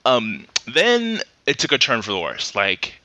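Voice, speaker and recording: This male podcast co-host has a mid-range voice with huge pitch swings and a bright, forceful tone, speaking unhurriedly. He meanders through stories with lots of fillers and acted quotes, on a dry recording with the highs cut off.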